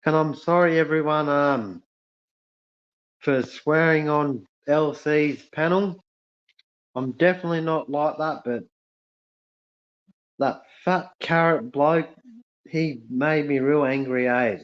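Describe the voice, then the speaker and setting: Australian man chatting on a dull lo-fi stream. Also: on the high side. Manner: halting, many fillers and restarts. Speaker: livestream host reading chat. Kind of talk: casual live-stream chat. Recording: lo-fi dull sound.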